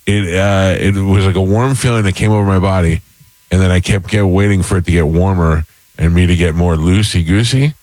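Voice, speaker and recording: A man's voice: low voice, a little fast, a little mellow, no room sound, low-quality recording. A man hosting a casual chat, telling a long story full of fillers and restarts. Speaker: podcast host.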